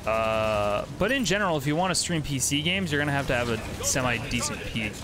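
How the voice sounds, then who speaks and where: A man's voice: medium pitch, lively intonation, a little fast. A young man streaming a video game, chatting with viewers and swearing freely as he plays. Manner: swears freely, chats to viewers while playing. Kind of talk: casual gameplay commentary with chat. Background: game music and sound effects.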